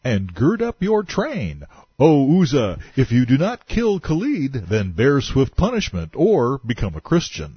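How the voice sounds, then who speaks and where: A man voicing a frantic male pagan shrine keeper who shouts invocations to a goddess, in a dull, dry recording. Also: mid-range voice, sing-song, takes it slowly, hardly any pauses, slightly rough, dry recording, voice pushed up, full character voice. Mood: frantic pleading.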